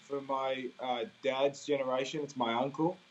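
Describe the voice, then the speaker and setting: A man's voice: mid-range voice, steady tone, normal speed, highs cut off. A young man with an Australian accent, chatting casually and laughing easily in an interview over a video call. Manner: easygoing, laughs often, rambling fillers. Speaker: interviewee, singer.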